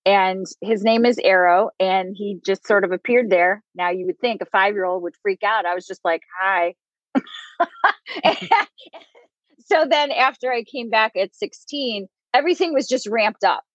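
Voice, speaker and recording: A woman's voice: medium pitch, a little slow, dry recording. Candid woman in her fifties, dull recording. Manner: candid, laughs often while telling stories. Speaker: guest psychic medium. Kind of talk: interview storytelling.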